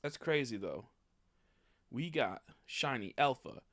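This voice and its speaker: A young man streaming a video game in casual chat, swearing a lot and swinging from low mumbles to loud frustrated outbursts. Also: expressive, takes it slowly. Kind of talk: casual gaming livestream chat.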